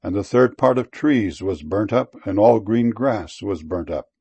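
A man giving a solemn scripture reading, with measured, deliberate phrasing and slow, emphatic stresses. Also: fairly low pitch, lively intonation, gravelly, dark tone, slightly rough.

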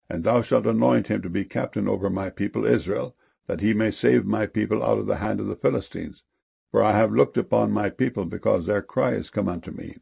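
Solemn male scripture reader, low and gravelly, a bit husky. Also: a little mellow. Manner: measured solemn recitation, raising his voice on exclamations. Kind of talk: reading King James scripture verses.

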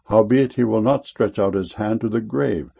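Solemn male scripture reader, low and gravelly, a bit husky. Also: dark tone, highs cut off. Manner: measured solemn recitation, raising his voice on exclamations. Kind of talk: reading King James scripture verses.

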